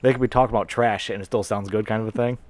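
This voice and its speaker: Low-voiced joking podcast co-host man. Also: fairly even intonation, rapid-fire, a little mellow. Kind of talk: casual podcast chat.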